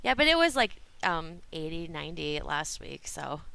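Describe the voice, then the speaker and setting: A woman's voice: low-pitched, big pitch swings, normal speed, vocal fry, pushed and bright, low-quality recording. A woman from South Dakota, a podcast guest in casual chat who laughs often.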